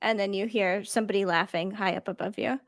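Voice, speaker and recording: A woman's voice: mid-range voice, steady tone, quick pace, dry recording, clean studio sound. A woman running a tabletop game as game master, describing scenes in a casual, rambling way with many fillers.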